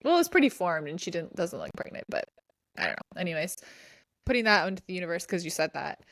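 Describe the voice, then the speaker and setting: A woman's voice: on the low side, big pitch swings, quick pace, fairly bright tone, dry recording, clean studio sound. A woman co-hosting a podcast, telling a story in a casual, rambling way with lots of restarts. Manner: chatty, rambling with many restarts and "like". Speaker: podcast co-host. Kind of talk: casual chat.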